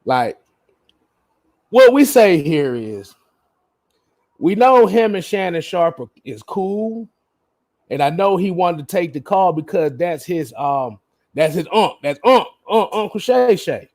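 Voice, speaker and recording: Laid-back male livestream host, slightly high voice. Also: very animated, takes it slowly, long pauses, a little mellow. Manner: laid-back, laughs often, repeats words. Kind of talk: casual livestream chat reading viewer comments.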